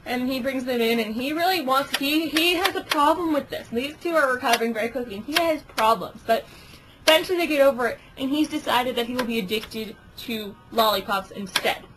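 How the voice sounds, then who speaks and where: A woman's voice: high-pitched, a little fast. A woman casually narrating a made-up story with toy ducks, rambling with giggly asides. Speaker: storyteller with toys. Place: home. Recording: home video with noisy hiss.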